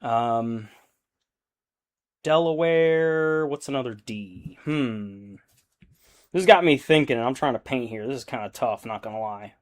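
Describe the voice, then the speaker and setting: A man in his young adult years talks in an unhurried, drawn-out way during a casual live stream, mid-pitched and easygoing. He rambles and thinks aloud while he paints, breaking into laughter often. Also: lively intonation.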